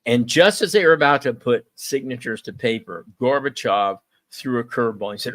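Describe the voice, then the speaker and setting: A man hosting a political talk show, telling stories in a folksy, chatty way. He pauses often with ums and uhs. The sound is dry and close, with no room echo. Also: mid-range voice, a bit bright.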